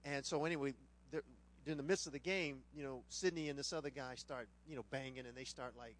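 A middle-aged man, a pastor preaching a sermon, who tells funny stories with lively voices mixed into his teaching. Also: medium pitch, a little fast. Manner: animated, humorous storyteller who puts on voices. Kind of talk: sermon with a personal anecdote.

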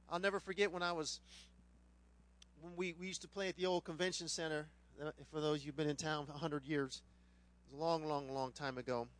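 A middle-aged man, a pastor preaching a sermon, who tells funny stories with lively voices mixed into his teaching. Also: on the high side. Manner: animated, humorous storyteller who puts on voices. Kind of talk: sermon with a personal anecdote.

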